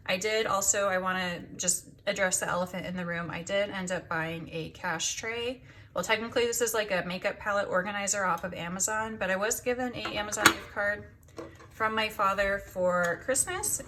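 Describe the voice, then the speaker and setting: A woman's voice: medium pitch, noisy background. A young woman hosting a budgeting vlog, chatting casually to the camera and a little out of breath after work. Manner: chatty, counts cash aloud softly. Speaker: budgeting channel host.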